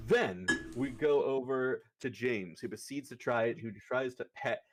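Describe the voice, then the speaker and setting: A man's voice: medium pitch, measured pace, noisy background. A young man running a tabletop game, recapping the session in a casual, rambling, profane way. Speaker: game master. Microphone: streaming setup.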